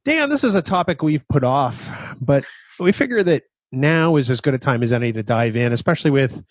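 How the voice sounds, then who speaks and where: Measured male podcast co-host. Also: medium pitch, animated, dry recording. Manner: measured, plain-spoken, reads promos. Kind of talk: casual chat.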